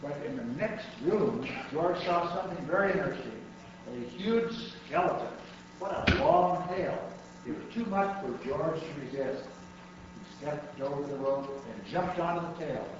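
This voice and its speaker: A man reads a children's picture book aloud to a class in a cheerful way. His voice sits a bit high. It is caught from a distance in a very echoey room, sounding dull, with clear noise behind. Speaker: guest reader.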